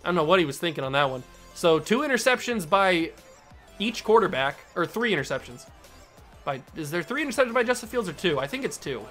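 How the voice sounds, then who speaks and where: High-voiced man commentating his own game. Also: a little fast, soft background music. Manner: self-scolding, exasperated, then animated. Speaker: gaming YouTuber.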